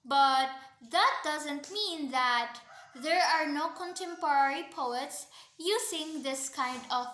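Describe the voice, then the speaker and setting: A young woman presenting to a class in a high, bright voice, speaking slowly. She opens nearly every sentence with "so" and fills gaps with "um". The sound carries a strong room echo. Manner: starts most sentences with "so", many "um" fillers. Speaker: student presenter. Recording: echoey room.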